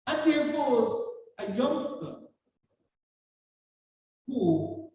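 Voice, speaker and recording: A Jamaican-accented speaker gives a ceremonial address at a measured, unhurried pace. The delivery is earnest and built on stories, with words repeated for emphasis. The voice sits far from the mic in a heavily reverberant hall, with faint ambient noise behind it. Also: mid-range voice, big pitch swings, warm tone. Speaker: guest speaker at a justice of the peace commissioning. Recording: distant voice in a very echoey hall.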